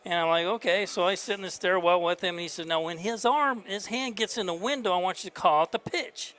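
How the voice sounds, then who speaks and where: A man's voice: sits high, a little fast, hardly any pauses, clear, resonant tone. A man, a head baseball coach, telling stories in a casual interview at a convention, acting out the dialogue. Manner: animated storyteller acting out dialogue. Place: convention floor.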